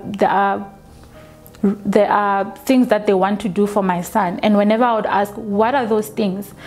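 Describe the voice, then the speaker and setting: A woman, telling her own story for a documentary, slow and halting with frequent restarts. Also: mid-range voice, a little mellow. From South Africa. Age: 20s. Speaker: documentary interviewee. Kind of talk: personal testimony.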